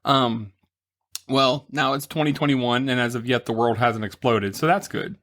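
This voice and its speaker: A man in his forties hosting a casual podcast, goofy and quick to laugh. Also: a bit bright. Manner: goofy, laughs a lot, breaks into silly high voices. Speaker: podcast host. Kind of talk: casual chat.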